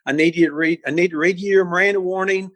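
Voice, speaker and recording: An older man tells a long story in an interview, animated and quick to repeat himself as he builds up a scene. His voice sits a bit high for a man. The sound is dry and close. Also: dry recording. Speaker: interview guest.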